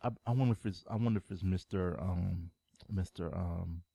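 A man's voice: low voice, moderate pace, gravelly, warm tone. A man co-hosting a live-streamed show, chatting casually and rambling with plenty of fillers and restarts. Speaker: show co-host.

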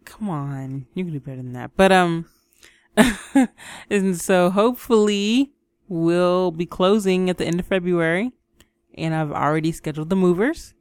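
A woman co-hosting a podcast in casual chat, bubbly and excitable, laughing often and bossing her co-host. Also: fairly low pitch, normal speed, clean tone, no echo.

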